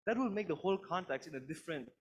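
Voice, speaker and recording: A male student asks a question in class, casual and a little hesitant. His voice sits slightly high, and a faint noise is heard behind him. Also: animated, very fast, rough recording.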